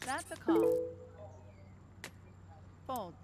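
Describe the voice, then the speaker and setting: A woman voicing a poker dealer in a game, calling out bets and folds in short, flat announcements. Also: high-pitched, drawn-out words, loud music behind the voice, full character voice. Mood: calm announcing.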